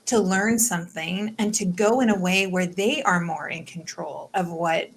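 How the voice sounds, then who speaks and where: A woman's voice: fairly low pitch, steady tone, moderate pace, a little hiss or hum. Earnest woman full of fillers. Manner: earnest, filler-heavy speech. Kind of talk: casual conversation.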